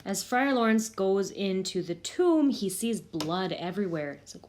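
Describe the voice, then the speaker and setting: A woman's voice: mid-range voice, lively intonation, a little slow, noisy background. A woman, probably a teacher, casually retelling a play scene and paraphrasing its lines in everyday words.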